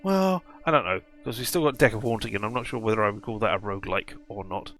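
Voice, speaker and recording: Gravelly bright-voiced man playing a game. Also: on the low side, fast, soft background music. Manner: rambling, self-mocking. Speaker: let's play host. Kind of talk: casual game commentary.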